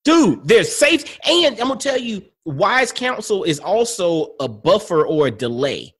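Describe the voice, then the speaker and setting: Male podcast host, high voice with lots of movement, animated and affirming. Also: husky. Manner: animated, affirming, quick to react. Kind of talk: casual podcast interview.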